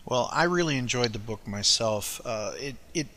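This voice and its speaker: Bright-voiced male interviewer. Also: medium pitch, lively intonation, normal speed. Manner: casual, rambling questions. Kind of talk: conversational interview.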